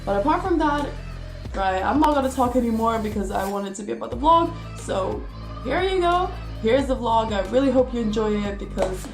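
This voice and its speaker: A woman's voice: fairly high pitch, brisk. An eighteen-year-old woman from Russia chatting casually to camera as a vlogger, rambling along with lots of "like" and "you know". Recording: echoey room with music behind.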